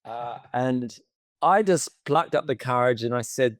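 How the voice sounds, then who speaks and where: A man's voice: mid-range voice, unhurried, no room sound, studio quality. A man, co-hosting a podcast as a therapist and telling a personal story in an emotive, chatty way. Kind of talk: casual conversation.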